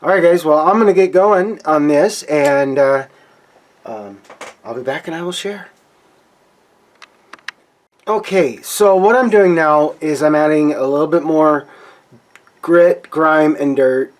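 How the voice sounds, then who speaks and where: A man's voice: fairly high pitch, measured pace, long pauses, poor audio. Rambling man at his modeling bench. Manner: rambling, restarts, talks to viewers. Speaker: scale model builder. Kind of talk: casual workbench narration. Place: home hobby workbench.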